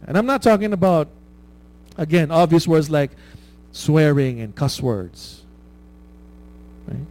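A man delivering a relaxed, conversational sermon. His voice sits a bit high but sounds dark and mellow. He keeps checking in with his listeners and laughs easily at his own stories. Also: slow, rough recording. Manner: conversational preaching with frequent "right?" tags. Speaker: pastor.

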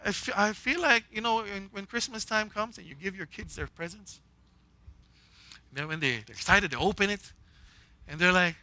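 A male pastor preaching an animated, humorous sermon and acting out quoted voices. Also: high voice, normal speed, no room sound.

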